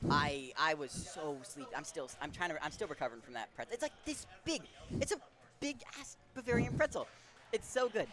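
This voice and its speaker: An excitable, chatty commentator casting a live esports tournament at a gaming venue, quick to laugh. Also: medium pitch.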